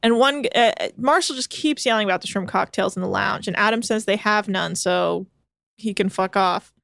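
A woman's voice: mid-range voice, normal speed, gravelly, a bit bright, no room sound, clean studio sound. A woman co-hosting a casual podcast chat, recapping with sardonic asides, swearing freely and quoting people offhand. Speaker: podcast co-host recapping a reality show. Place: home.

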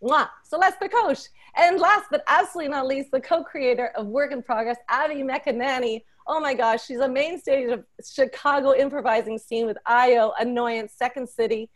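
A woman hosting a podcast, introducing a panel with effusive, excitable energy and playful teasing. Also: sits high, moderate pace, hardly any pauses. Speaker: podcast host.

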